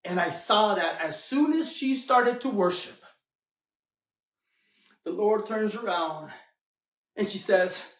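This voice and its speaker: A man's voice: high voice, expressive, slow, pauses often, a bit bright, far from the mic. A man preaching a sermon, telling the story dramatically and acting out the characters. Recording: echoey room, mic from afar.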